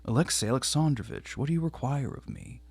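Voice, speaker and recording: A man's voice: medium pitch, brisk, darkish tone, slightly rough, dry recording, voice pushed up, lightly acted. A man reading the part of a guilty, fearful young wife in an audiobook, with an earnest, pleading delivery.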